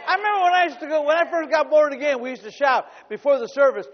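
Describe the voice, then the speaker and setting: Brief: high-pitched male pastor, sermon delivery, humorous stories that swell into shouting, long reverb, slightly muffled. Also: fast talker, few pauses, a faint crowd. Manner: storytelling with humor, rising to shouts.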